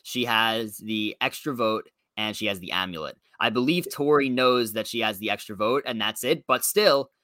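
Bright man on a dry mic. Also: on the low side, moderate pace, few pauses, dry recording. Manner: conversational, recounting events with fillers. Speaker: podcast co-host. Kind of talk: casual chat.

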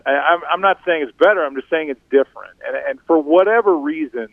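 A man's voice: fairly high pitch, lively intonation, vocal fry, no room sound. Middle-aged man on a tinny remote line. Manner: self-deprecating, halting with repeated restarts. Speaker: guest. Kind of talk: casual interview storytelling.

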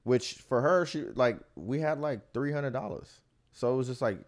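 A man's voice: medium pitch, normal speed. A man co-hosting a podcast in casual chat, telling travel stories and acting out the people he quotes. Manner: animated storyteller, acts out the people he quotes. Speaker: podcast co-host.

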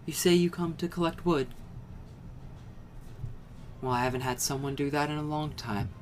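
A game master voicing a curious, kindly ancient female tree dryad, speaking softly and slowly with a sense of wonder. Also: a little high, slight background noise, natural voice. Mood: gentle, judging. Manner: soft, slow and wondering.

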